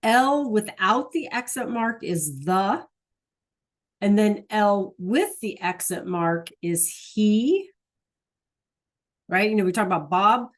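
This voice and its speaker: A woman's voice: medium pitch, expressive, slow pace. A middle-aged woman teaching a Spanish class over a video call, chatty and encouraging, often checking in with "right?".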